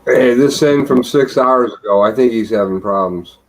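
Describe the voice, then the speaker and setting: A man on a livestream panel talking casually, halting with many ums and uhs. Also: mid-range voice, rough recording. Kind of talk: casual chat.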